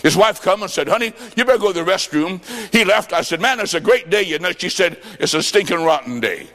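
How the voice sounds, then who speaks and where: A man preaching a revival sermon, fervent, with shouted bursts and stories told in quoted dialogue. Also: high voice, animated, a little fast. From US Midwest. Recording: long reverb of a large hall.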